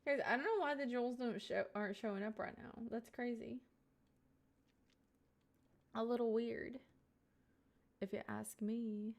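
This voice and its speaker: A woman's voice: on the high side, steady tone, unhurried, creaky, long pauses. A young woman live streamer chatting casually and playfully with her viewers, giggly and rambling, sitting at home at a desk mic.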